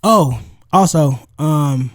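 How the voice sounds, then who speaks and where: A man's voice: a little high, drawn-out words. A man co-hosting a podcast, chatting casually and telling stories with lots of laughter and acted-out voices. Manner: animated storyteller, laughs often and acts out voices. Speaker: podcast co-host. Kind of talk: casual chat.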